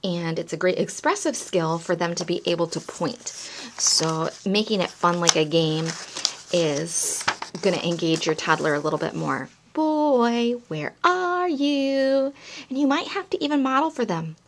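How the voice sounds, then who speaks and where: A woman giving parents gentle, encouraging tips on reading aloud to toddlers, in an instructional talk. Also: sits low, normal speed, noisy background. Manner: gentle, encouraging, breaks into playful sound demonstrations. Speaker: early childhood reading coach.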